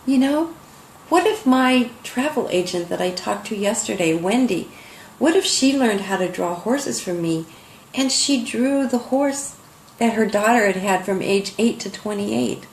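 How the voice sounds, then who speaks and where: A woman's voice: medium pitch, lively intonation, a little slow, roomy sound, slight background noise, poor audio. Sentimental older woman art teacher. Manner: sentimental, emotional storytelling. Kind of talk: heartfelt online lesson talk.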